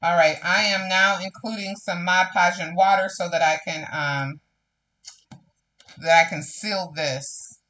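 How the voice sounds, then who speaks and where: A woman's voice: lowish voice, steady tone, a little slow, bright, forceful tone. A woman hosting a live crafting stream, chatting casually and slipping into preachy, faith-filled testimony to viewers. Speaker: crafting livestream host.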